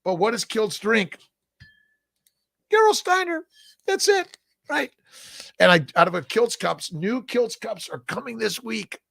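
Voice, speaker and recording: An older man hosts a casual live-stream Q&A, reading viewer comments aloud and answering in an upbeat, encouraging, folksy manner, often adding "right?" at the end. His voice sits high and gravelly with a fairly bright tone, moving at a normal pace with hardly any pauses.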